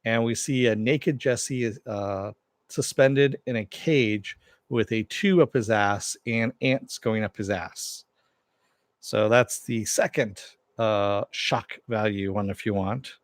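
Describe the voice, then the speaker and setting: A man's voice: fairly low pitch, takes it slowly, dry recording, clean studio sound. A man casually recapping and reviewing a TV episode, rambling with many fillers and restarts. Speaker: TV show reviewer.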